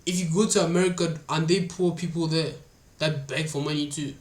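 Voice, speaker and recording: A man's voice: on the high side, steady tone, a little fast. A man from Africa reacting live on stream, indignant and swearing, laughing now and then. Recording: roomy echo.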